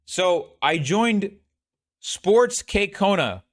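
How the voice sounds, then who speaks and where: A man streaming and telling a story in casual commentary, animated, profane and rambling. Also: sits high, very slow, no echo, clean studio sound.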